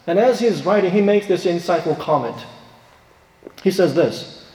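A man's voice: high voice, lively intonation, normal speed, pauses often, a little mellow. Man preaching in an echoey hall. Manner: earnest, rises sharply on emphasis. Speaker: pastor. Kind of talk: sermon. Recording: echoey hall with long reverb.

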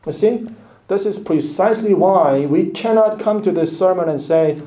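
Man, preacher, sermon, high voice, mellow tone, emphatic delivery, echoey room. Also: moderate pace. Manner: emphatic, rising and dropping to hushed asides.

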